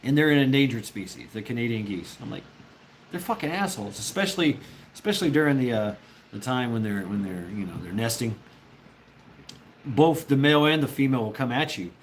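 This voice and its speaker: A man's voice: medium pitch, expressive, brisk, a little hiss or hum. Rambling, foul-mouthed male streamer. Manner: rambling, profane, laughs often, talks to chat. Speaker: livestreamer chatting with viewers. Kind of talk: casual storytelling.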